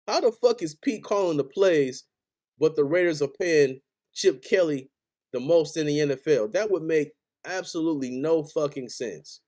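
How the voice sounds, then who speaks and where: An angry sports podcast host rants on a live stream like a fan at the end of his rope, swearing and repeating himself in heated bursts. His voice is mellow and fairly high-pitched.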